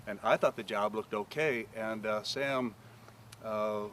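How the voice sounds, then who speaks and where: A pastor telling a story outdoors, acting out the voices of the people in it. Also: male voice, lowish voice, a little slow, slight background noise. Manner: animated storyteller acting out quoted dialogue. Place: outdoors on a paved property.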